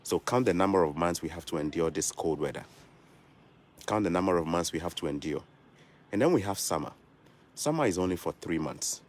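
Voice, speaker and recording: Earnest deep-voiced man from Africa. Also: expressive, a little fast, long pauses. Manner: earnest, repetitive, preachy. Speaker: vlogger. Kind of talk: casual vlog talk to camera.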